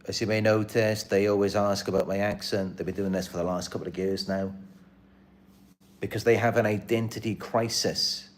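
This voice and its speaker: A man with a lowish voice speaks straight to his viewers in a loose live-stream monologue. He sounds earnest and aggrieved and circles back over the same points. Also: flat delivery, normal speed. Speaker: channel host.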